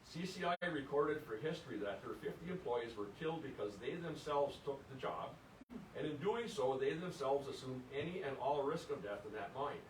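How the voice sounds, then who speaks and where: An older male presenter delivers an earnest, indignant lecture, picked up from a distance in an echoey room. A faint rumble sits under his mid-pitched voice. He often repeats words as he restarts a thought. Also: lively intonation, moderate pace. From Upper Peninsula of Michigan. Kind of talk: public history lecture.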